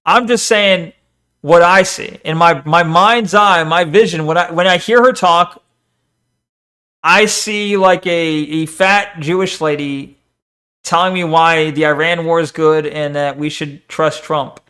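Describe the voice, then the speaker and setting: A man's voice: fairly high pitch, steady tone, measured pace, bright, forceful tone, clear, resonant tone. A streamer chatting casually on a live stream, rambling and arguing as he reads viewers' messages aloud and answers them.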